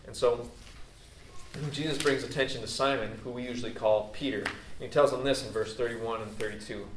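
A man's voice: medium pitch, steady tone, normal speed, a little hiss or hum. A man preaching a sermon in a loose, chatty way, full of fillers and restarts. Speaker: pastor. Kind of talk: casual conversational sermon. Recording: echoey room, mic at a distance, faint ambience.

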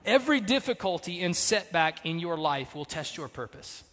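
A man's voice: fairly high pitch, sing-song, moderate pace. Male pastor, sermon delivery, emphatic; long hall reverb. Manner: emphatic, swings between loud punches and soft trailing lines.

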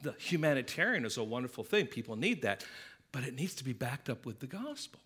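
A man preaching a sermon, animated, acting out the disciples' voices as he reads the passage. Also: mid-range voice, brisk, breathy edge. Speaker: pastor.

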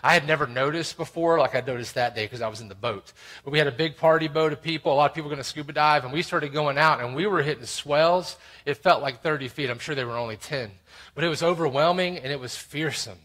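A man preaching a sermon, swinging between loud exclamations and quiet, intimate asides. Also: fairly high pitch, fast talker. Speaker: pastor.

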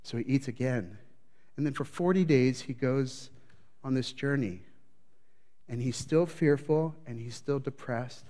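A man preaching a sermon with a storyteller's flair. He swings from loud, building phrases to hushed, low lines, with a mid-range voice. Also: measured pace. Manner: dramatic storytelling, voicing the prophet's panic; varies loudness widely, building up then dropping low. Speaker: pastor.

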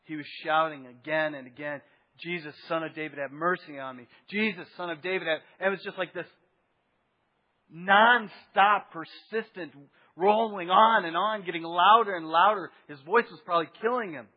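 A pastor with a high voice preaches a sermon conversationally, stopping for rhetorical asides. He speaks at a moderate pace, and the sound has a big-room feel. The recording comes across a little dull and muffled.

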